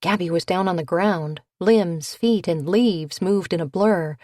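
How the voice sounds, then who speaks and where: Slow, low-pitched woman narrating. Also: no echo, clean studio sound. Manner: even, unhurried reading that lifts into character voices for dialogue. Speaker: audiobook narrator. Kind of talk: scripted narration.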